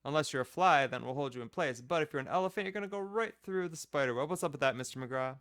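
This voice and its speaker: Man playing a puzzled kid student, quizzical, high questioning tone. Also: lively intonation, quick pace, fairly bright tone, no echo, clean studio sound.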